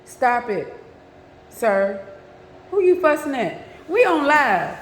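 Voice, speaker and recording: A woman's voice: high voice, big pitch swings, slow. A woman chatting on a livestream from her yard, cooing and fussing at her dog in a chatty way. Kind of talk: casual live chat. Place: outdoors in a yard. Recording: echoey with long reverb, faint noise.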